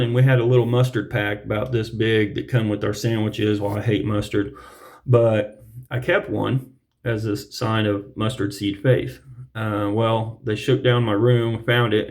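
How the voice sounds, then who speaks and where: A preacher telling his personal testimony in an earnest, reflective way, often pausing to clear his throat. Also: lowish voice, fairly even intonation, a little mellow.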